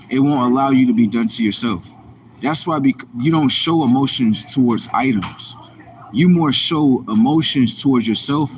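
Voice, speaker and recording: A livestream host with a mid-range voice talks to himself, rambling and repeating himself in animated, slangy chatter. Slight background noise is audible.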